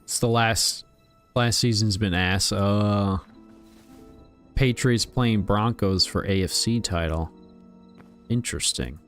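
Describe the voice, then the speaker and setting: A man chatting casually on a game livestream, rambling and relaxed as he talks to his viewers while playing. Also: fairly low pitch, takes it slowly, long pauses, faint music behind. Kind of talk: casual gaming livestream chat.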